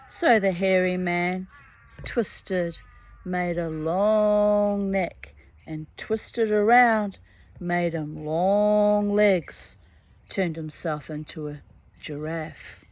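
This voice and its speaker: A woman reading a folktale aloud as a storyteller, unhurried, with chatty personal asides. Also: lowish voice, a little mellow.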